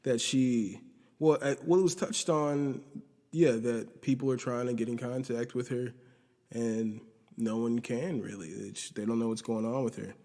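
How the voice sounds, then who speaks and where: A man's voice: fairly even intonation, unhurried, warm tone. A man hosting a podcast, recapping a TV episode in a rambling, profane, casual way and quoting the characters as he goes. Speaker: podcast host. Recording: roomy low-quality audio from video.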